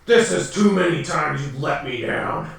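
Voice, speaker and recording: A man's voice: on the high side, lively intonation, measured pace, creaky, a bit bright, exaggerated voice. Zick, a man doing a scolding werewolf boss. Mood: angry. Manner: scolding, menacing. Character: savage male werewolf gang boss. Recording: echoey room from far off.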